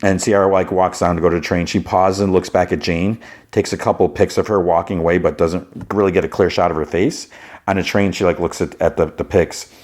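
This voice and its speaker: A man's voice: low voice, steady tone, brisk, a little mellow. A man hosting a podcast, recapping a TV episode in a chatty way, full of "like" and "you know.". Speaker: podcast host.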